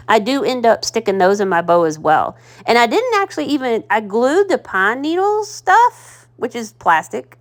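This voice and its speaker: Excitable female craft host, casual and self-deprecating. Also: medium pitch. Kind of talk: casual craft tutorial voice-over.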